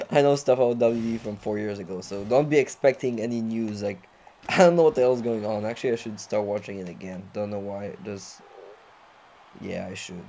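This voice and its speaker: A young man commenting on his own wrestling video game playthrough, often frustrated and yelling or swearing at the game. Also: lowish voice. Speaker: gamer recording a playthrough. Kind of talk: live gameplay commentary.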